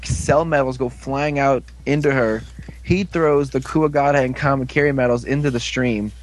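A man casually recapping a TV episode, rambling with lots of "like"s and quick asides. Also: mid-range voice, steady tone. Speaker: show recapper.

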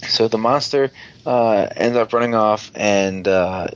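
A man's voice: fairly low pitch, a little slow. Rambling man with a dull lo-fi sound. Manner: rambling, profane, joking. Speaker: podcast host. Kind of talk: casual episode recap. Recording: dull lo-fi recording.

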